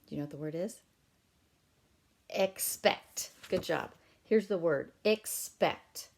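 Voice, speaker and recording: Animated woman teacher stretching words for kids. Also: medium pitch. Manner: stretches words out slowly for children to guess; gentle, encouraging classroom tone. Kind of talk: reading a picture book aloud to young children.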